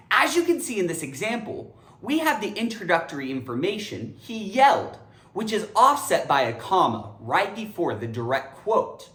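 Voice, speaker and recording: A woman's voice: on the low side, sing-song, moderate pace, fairly bright tone. A woman teaching English grammar, upbeat and emphatic in a teacherly way. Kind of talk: educational explainer. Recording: echoey room.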